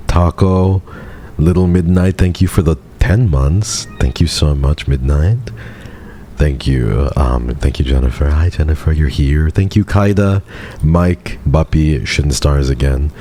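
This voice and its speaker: Male streamer with a very deep, dark voice, soft and flat, easing a sore throat. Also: unhurried, slight background noise. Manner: soft-spoken and subdued, flat monotone delivery. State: sore throat, speaking gently to spare it. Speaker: VTuber streamer. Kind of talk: casual livestream chat.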